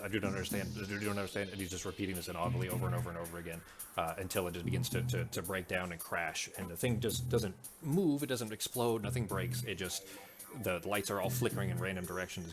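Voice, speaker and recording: A man narrating as game master, halting and full of fillers, over background music. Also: sits low. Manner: halting, many fillers and restarts.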